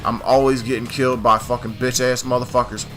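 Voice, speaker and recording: Over soft background music, a man hosting a gaming channel delivers a casual gameplay rant full of profanity, rambling and leaning on "like" and "dude." His medium-pitched voice is a bit bright with a flat delivery, and he speaks a little fast.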